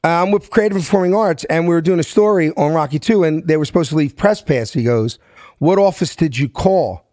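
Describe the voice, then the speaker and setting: A man's voice: a little high, a little fast, dry recording, clean studio sound. A man in his fifties from South Philadelphia with a Philadelphia accent, telling a story in an interview and acting out every voice. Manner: animated, acts out the voices in his anecdotes. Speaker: guest.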